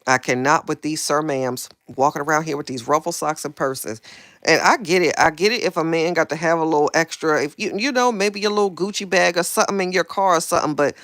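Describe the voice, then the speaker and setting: A woman hosts a casual gossip livestream, sassy and animated, going from loud outbursts to quiet asides. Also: low voice, brisk, dry recording, clean studio sound. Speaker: livestream host.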